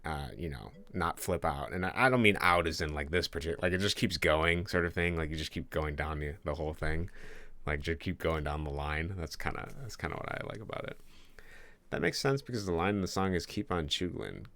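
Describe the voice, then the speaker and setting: A man's voice: rumbling low, a little fast, fairly bright tone. A man streaming as he codes a game, thinking aloud in a casual, rambling way and joking with his viewers. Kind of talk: casual live-stream talk while coding.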